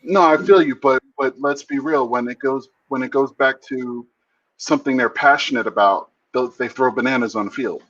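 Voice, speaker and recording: A man's voice: mid-range voice, moderate pace, a bit bright. A man on a panel, pushing back on a point in a casual discussion. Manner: pushes back in a challenging way. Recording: dull lo-fi audio.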